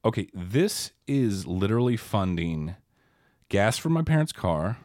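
A man's voice: on the low side, big pitch swings, unhurried, a little mellow, no echo. A man co-hosting a podcast in casual chat, rambling through stories with wry asides. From Austin, Texas area. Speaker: podcast co-host.

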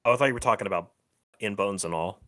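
A man's voice: lowish voice, fairly bright tone. A man co-hosting a podcast, chatting casually with lots of fillers, restarts and little laughs. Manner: halting, many fillers and restarts, laughs often. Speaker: podcast co-host. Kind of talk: casual chat.

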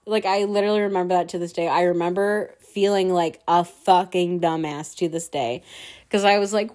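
A woman's voice: lowish voice, brisk, darkish tone. Chatty, self-mocking young woman. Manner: chatty and self-mocking, laughs often, swears freely, many fillers. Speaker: podcast host. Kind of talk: casual storytelling monologue.

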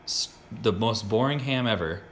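American guy, kinda low voice, rambly and excited, lots of restarts. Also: normal speed, slight background noise. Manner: rambling, self-interrupting, enthusiastic. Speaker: podcast host. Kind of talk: casual chat.

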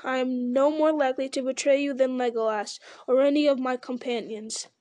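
A woman's voice: high voice, fairly even intonation, a little fast, a little mellow, no echo, natural voice. A woman reading as a stubborn dwarf warrior. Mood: defiant. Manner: obstinate, defiant.

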